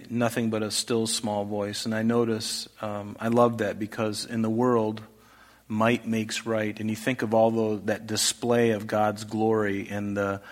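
A man preaching an earnest sermon, posing rhetorical questions and swinging between loud, emphatic lines and soft, hushed ones. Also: lowish voice. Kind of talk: expository sermon.

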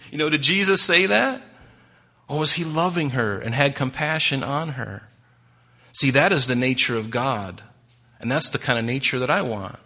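A man's voice: mid-range voice, expressive, normal speed, bright, forceful tone. A man preaching a sermon in a conversational way, asking the congregation rhetorical questions and acting out the voices in his stories. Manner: acts out quoted voices. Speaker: pastor.

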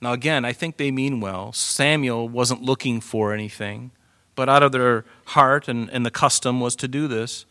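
Guy preaching a sermon, animated, mid pitch, dry close sound. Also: normal speed, smooth, no echo. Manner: animated preaching, swings from loud to hushed. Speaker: pastor.

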